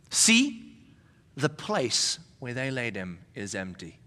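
A male pastor preaching a sermon with animated storytelling, swinging from loud to hushed whispers. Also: medium pitch, measured pace. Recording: long reverb in a large hall.

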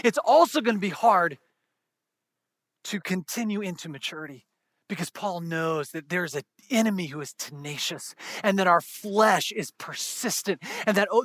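A married man preaching a sermon to a congregation, conversational and joking, moving from hushed to shouted. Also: sits high, no room sound, clean studio sound. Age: adult, married with kids. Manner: conversational, humorous, swings from soft to shouting. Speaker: pastor.

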